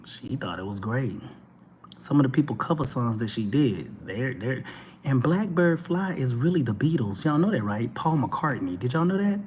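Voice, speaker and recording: A man with a Texan accent giving casual, animated commentary as a talk show host, speaking straight to his viewers. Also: mid-range voice, normal speed, a little hiss or hum. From Texas. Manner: animated, preachy, addresses viewers directly.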